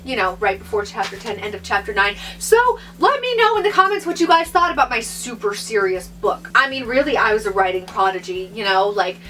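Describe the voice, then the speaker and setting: Sarcastic young woman vlogger, animated. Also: mid-range voice, brisk, few pauses, distant mic, faint music behind, rough recording. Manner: sarcastic, rambling. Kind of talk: casual vlog reading. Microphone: phone camera.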